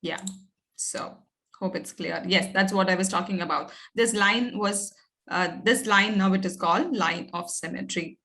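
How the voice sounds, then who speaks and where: A woman's voice: mid-range voice, unhurried, pushed and bright. A woman teacher, patiently coaxing pupils in an online class, with many fillers and "okay"s.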